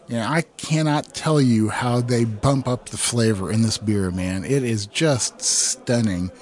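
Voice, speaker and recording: A man co-hosting a homebrewing podcast, talking in a relaxed, matter-of-fact way. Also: medium pitch, unhurried. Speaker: podcast co-host. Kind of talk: casual chat.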